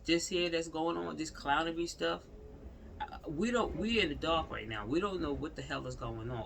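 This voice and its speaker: Male vlogger, casual rant-style commentary, gravelly with some fry, keeps repeating himself. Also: on the high side, a bit bright, a little hiss or hum. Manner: rambling, repetitive, exclamatory, talks straight to the subject.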